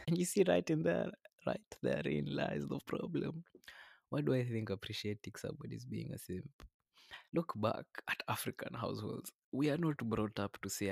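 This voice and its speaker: A man's voice: mid-range voice, sing-song, normal speed, gravelly, slightly rough, dry recording, studio quality. A man hosting a podcast, talking earnestly and a little preachily, often calling the listener man or brother. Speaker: podcast host. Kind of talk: reflective podcast monologue. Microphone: podcast microphone.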